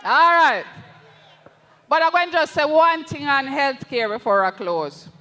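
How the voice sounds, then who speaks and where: A parliamentary candidate with a Jamaican accent gives an impassioned political rally speech, slow and emphatic, repeatedly turning to address the party leader. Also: high-pitched, animated, bright, forceful tone, long reverb tail.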